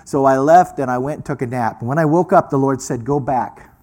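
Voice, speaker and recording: A man preaching, telling a personal story with lively delivery and acting out the voices of people he met. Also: mid-range voice, fast talker. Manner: animated storyteller, acts out quoted voices. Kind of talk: sermon storytelling.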